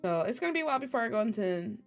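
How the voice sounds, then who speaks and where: A woman streamer giving chatty, excitable gameplay commentary and talking to her viewers. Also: fairly high pitch, racing, soft background music.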